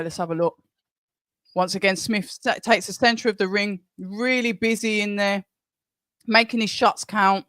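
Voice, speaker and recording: A high-pitched male host calls a boxing match live, round by round, over clean studio sound without echo. Between rounds he chats with viewers, and throughout he's excitable, calling punches quickly in this blend of fight commentary and chat.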